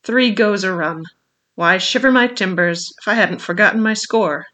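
A man's voice: sits high, moderate pace, sharp tone. A man doing a hearty old sea cook. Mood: gleeful. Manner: hearty, salty seafaring talk. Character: boisterous old male sea cook, jovial and crafty.

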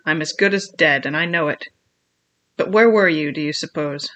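A reader voicing a wild, shrewd old marooned sailor man who speaks in a slow seafaring dialect in an audiobook. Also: medium pitch, a bit bright, natural voice. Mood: urgent. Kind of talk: audiobook character voice.

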